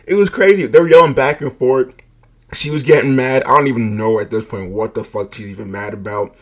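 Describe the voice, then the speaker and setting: A man spinning a personal story in a loose, unhurried way. His voice sits at an ordinary middle pitch, and the telling is peppered with curse words and the filler "like", with easy laughter between lines. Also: level tone. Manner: laid-back, profane, heavy use of "like", laughs often.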